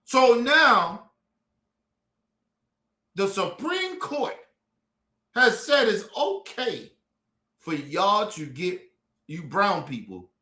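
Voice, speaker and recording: A high, bright-toned man from the United States rants hard on a live stream. His pitch swings widely as he swears and hammers his points home. The sound rings with room echo. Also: big pitch swings, very slow, long pauses. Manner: profane, fiery and emphatic, lecturing the audience. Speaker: streamer and commentator. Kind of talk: heated streamed commentary rant.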